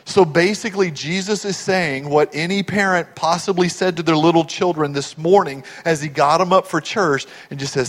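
A middle-aged male pastor preaching a sermon, swinging from hushed, tender asides to loud, rising build-ups. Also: fairly high pitch, moderate pace, few pauses, in a large hall.

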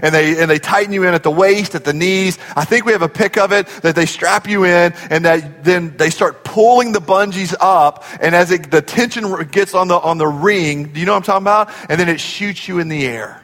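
A man preaching a sermon in a church, telling stories in an animated way and acting out the voices in them. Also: high voice, fairly quick, few pauses. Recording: long hall reverb.

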